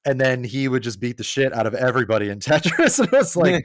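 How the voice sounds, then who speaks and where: A man's voice: mid-range voice, fast talker, no echo, studio quality. A man guesting on a podcast, chatting casually and acting out quoted lines as he tells stories. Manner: animated storyteller who acts out quotes.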